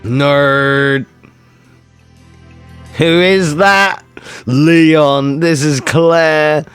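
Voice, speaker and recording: A man's voice: a little high, very slow, long pauses, a bit bright, smooth, faint music behind. A male streamer chatting casually with his viewers, joking around and swearing a lot. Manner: joking, swearing, reacting to chat. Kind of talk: casual live-stream chat.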